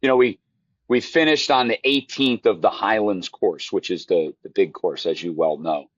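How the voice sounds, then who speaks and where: A man's voice: deep voice, normal speed, dry recording. A man, a golf instructor, telling a heartfelt story in casual interview chat with many restarts. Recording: dull lo-fi dry sound.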